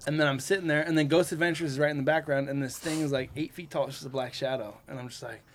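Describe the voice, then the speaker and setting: Young male podcast host, lively storyteller, acts out quotes, garage podcast mic. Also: fairly high pitch, fast, a little hiss or hum. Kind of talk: casual storytelling.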